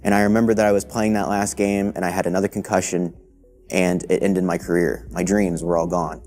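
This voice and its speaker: A man's voice: level tone, fairly quick, darkish tone, soft background music. A young man giving a candid, reflective personal testimony. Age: young adult. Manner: reflective, candid, low-key. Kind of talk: testimony interview.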